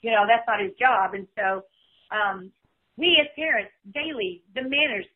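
A woman's voice: on the high side, lively intonation, moderate pace, breathy edge. A woman in her fifties, a podcast guest speaking in casual chat, full of "you know" fillers. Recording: tinny phone line.

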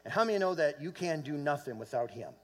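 A man with a high voice preaches a sermon in a church. He builds into loud, fervent bursts and calls on the room for amens. He often repeats and restarts words as he goes. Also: lively intonation, quick pace. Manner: fervent preaching with swells of volume and call-and-response. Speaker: pastor. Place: church sanctuary.

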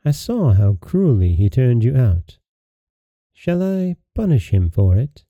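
A man voicing a gracious, motherly fairy queen in a storybook reading, soft and stately, on a dry, dull lo-fi recording. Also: mid-range voice, very animated, takes it slowly, no echo, full character voice.

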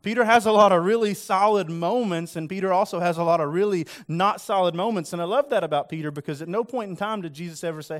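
A man's voice: high-pitched, fast talker, hardly any pauses. A man preaching a sermon in a conversational, earnest way, acting out quoted lines with rising emphasis. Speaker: pastor.

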